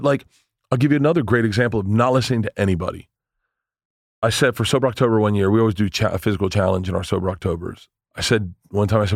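A man in his forties, a comedian, telling stories in a casual interview, animated and swearing, acting out the voices of people he quotes. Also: medium pitch, no echo, studio quality. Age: 40s. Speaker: comedian guest.

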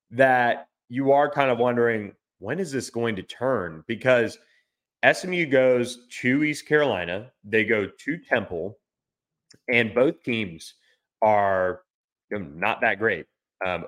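A man's voice: medium pitch, a bit bright. Man thinking aloud about football. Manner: thinks aloud, with frequent restarts and fillers. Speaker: sports reporter and podcast guest. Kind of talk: casual unscripted sports analysis.

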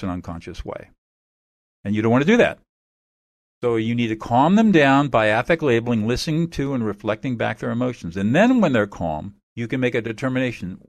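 A man being interviewed as an expert guest, calmly explaining methods in a measured, instructive way. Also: mid-range voice, no echo.

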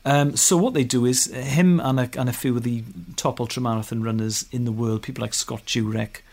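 A man's voice: mid-range voice, fairly even intonation, fairly quick, a little mellow. A man co-hosting a podcast, telling stories in a casual, enthusiastic way and laughing often. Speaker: podcast co-host. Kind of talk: casual chat.

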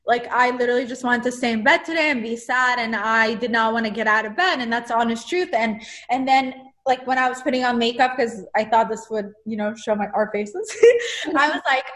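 A woman's voice: on the high side, brisk, a bit bright. A woman guesting on a podcast, talking candidly and emotionally, often filling her speech with "like" and acting out her own inner voice. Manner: emotional, heavy use of "like". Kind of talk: candid conversation.

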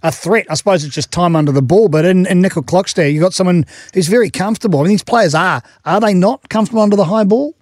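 A man's voice: high voice, fast, few pauses, darkish tone, no echo, studio quality. A man hosting a radio sports show, asking conversational questions of his guest. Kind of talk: radio interview.

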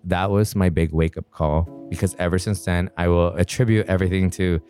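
A man earnestly recounting a personal story in an interview, reflective and quick-flowing. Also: deep voice, fairly even intonation, darkish tone, soft background music.

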